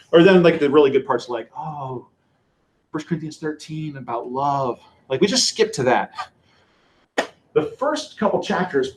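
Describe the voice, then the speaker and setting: Animated man lecturing in echoey room. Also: medium pitch. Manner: conversational, animated, acts out quotes. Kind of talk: church teaching lecture. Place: lecture room with a live audience.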